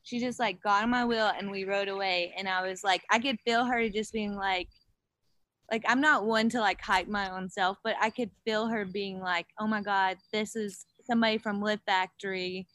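A woman chatting casually as a podcast guest, an animated storyteller who acts out quotes, with many fillers. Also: medium pitch, normal speed, no room sound. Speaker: guest, gravel bike racer.

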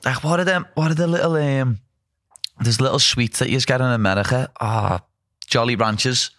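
A man's voice: medium pitch, normal speed, fairly bright tone, no room sound, clean studio sound. A young man, a pro fighter, chatting bluntly and casually about cutting weight. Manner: rambling, blunt, laughing. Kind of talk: casual chat.

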